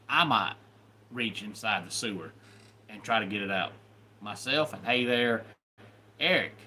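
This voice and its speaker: A man's voice: medium pitch, bright, forceful tone, a little hiss or hum. A man hosting a live stream, greeting viewers by name in loose, chatty talk. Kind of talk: casual live stream chat.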